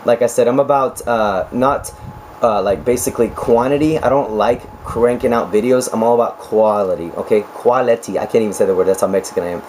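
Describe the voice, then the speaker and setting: A man in his twenties, a nurse talking casually to camera with a raspy, hoarse voice, chatty and joking, with laughs between stories. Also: medium pitch, fairly quick, a little mellow, a little hiss or hum, rough recording. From United States. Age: 20s. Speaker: nurse vlogger.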